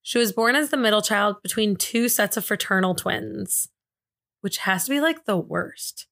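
Woman, from indiana, true crime podcast host, chatty, jokey asides, middle pitch. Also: moderate pace, creaky, fairly bright tone. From Indiana, USA. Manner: chatty storyteller, laughs often, joking asides. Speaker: podcast co-host, case presenter.

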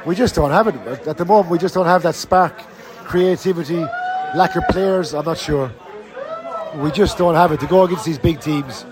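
A man giving a blunt, sweary, frustrated rant as a fan podcast host after a match. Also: on the high side. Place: outdoors and in a bar around the match.

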